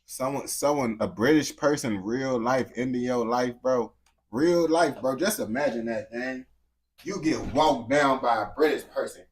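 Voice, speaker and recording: A man's voice: mid-range voice, expressive, unhurried, husky. A young man from the United States giving slangy, incredulous reaction commentary on a video.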